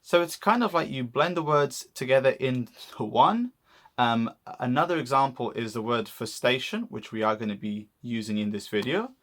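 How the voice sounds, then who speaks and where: A man's voice: mid-range voice, normal speed, fairly bright tone. Portuguese-accented man teaching phrases. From Algarve, Portugal. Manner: explanatory, with small restarts. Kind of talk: casual language lesson.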